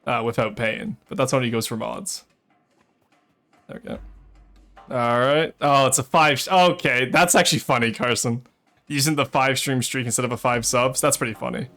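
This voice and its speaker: Talking at normal speed with a sharp tone, a mid-range male streamer comments on his live gameplay, chatting to viewers and letting out curses and exclamations under attack.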